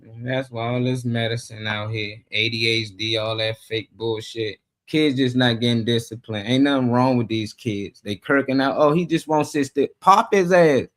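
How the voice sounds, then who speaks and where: A man's voice: medium pitch, moderate pace, a bit bright. A man co-hosting a casual talk show who gives blunt, profane opinions with emphasis and speaks as a parent. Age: adult with children. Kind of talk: casual chat.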